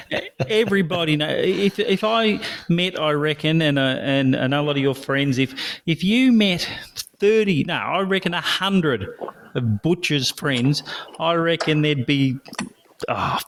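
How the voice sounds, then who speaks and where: A man's voice: fairly high pitch, a little slow, fairly bright tone, slight background noise. A man with an Australian accent hosting a podcast, asking rambling questions in casual chat. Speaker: podcast host.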